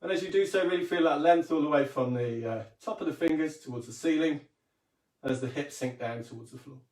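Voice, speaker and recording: A man leads a calm, gentle yoga and breathing session, talking through each stretch and reading a story in between. He sits back from the camera mic, so his voice comes across distant in an echoey room. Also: fairly high pitch. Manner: calm, gentle instructions with soft hums. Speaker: yoga teacher. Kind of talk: guided kids' yoga and storytelling.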